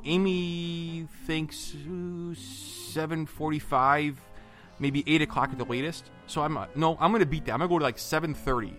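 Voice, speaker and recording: A man co-hosting a podcast, telling a vacation story in a lively, chatty way with lots of fillers and acted-out quotes. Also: fairly high pitch. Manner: animated storyteller, acts out quotes, many fillers and restarts. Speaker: podcast co-host.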